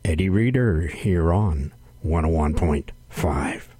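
A man hosting a radio music show from a studio, announcing tracks in an unhurried way with frequent "uh" fillers. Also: a bass voice, lively intonation. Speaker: radio host.

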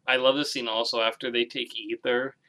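A man's voice: mid-range voice, flat delivery, a little fast, bright, forceful tone. A man in casual conversation about a film, retelling scenes with laughs, swearing and acted-out quotes.

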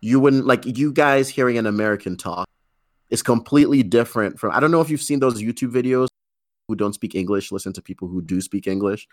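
A man's voice: medium pitch, brisk, dry recording, studio quality. A man in his twenties chatting casually about a film on a remote call, rambling through long tangents with restarts. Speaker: podcast co-host.

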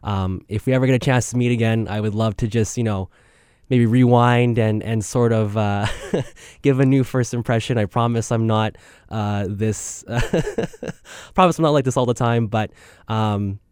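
Young guy hosting a podcast, lots of ums, smooth voice, dry close mic. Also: on the low side, fairly even intonation, moderate pace, a little mellow, no room sound. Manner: rambling, self-deprecating, lots of ums. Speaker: student podcast host. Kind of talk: casual spoken intro.

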